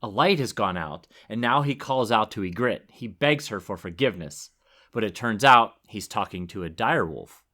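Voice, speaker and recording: A man's voice: fairly low pitch, lively intonation, normal speed, sharp tone. A man co-hosting a podcast, reacting wryly in casual chat and reading a chapter summary. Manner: wry, easygoing responder. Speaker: podcast co-host.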